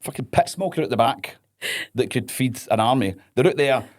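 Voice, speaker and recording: A man's voice: medium pitch, lively intonation, normal speed, darkish tone. A Scottish man holding forth on a chat podcast in an ordinary mid-range voice. He rants with comic exasperation and swears freely, keeping it loose and conversational. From Scotland. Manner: ranting, profane, comic exasperation. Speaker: podcast guest, wrestler. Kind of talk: casual chat.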